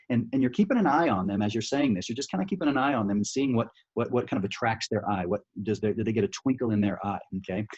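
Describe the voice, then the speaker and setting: A man giving a screen-share sales training, talking quickly and casually, with many restarts and "right?" checks, recorded over a computer mic on a video call. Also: mid-range voice, a little mellow, slightly rough. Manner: fast, chatty, full of restarts and "right?" checks. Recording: dull lo-fi audio.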